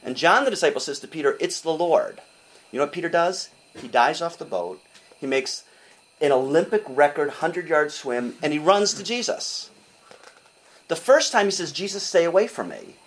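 Animated older male preacher. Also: a little high, moderate pace, rough recording. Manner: animated, conversational preaching with rhetorical questions. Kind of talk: sermon.

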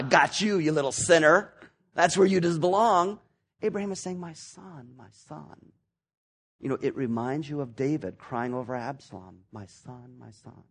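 Animated husky-voiced male preacher. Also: a little high. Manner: animated, acts out voices in quotes, swings from loud to near-whisper. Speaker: pastor. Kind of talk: sermon.

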